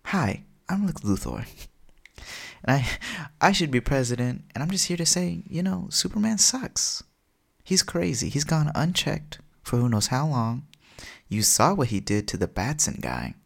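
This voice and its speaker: A man's voice: very animated, a little slow, gravelly, heavily acted. A man playing a smug, scheming male supervillain politician in a mock campaign ad, as Lex Luthor. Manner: mock campaign-ad pitch, boastful.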